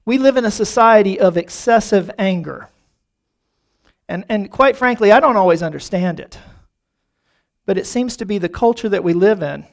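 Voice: mid-range voice, expressive, normal speed, vocal fry, long pauses. A pastor preaching a sermon in a church, talking earnestly and often doubling the first word of a phrase. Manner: earnest, repeats words while starting phrases.

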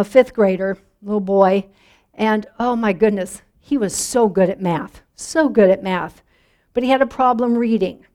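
A woman's voice: on the high side, a little mellow. A middle-aged woman pastor preaching a sermon in a conversational way, drawing answers from the congregation. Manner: conversational, inviting congregation responses.

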